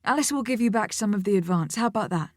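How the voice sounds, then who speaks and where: A woman voicing a gentle young male artist in an audiobook, speaking softly, almost as an aside. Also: medium pitch, animated, fast talker, no echo, studio quality, close to an everyday voice. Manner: soft, quiet aside. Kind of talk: audiobook character voice.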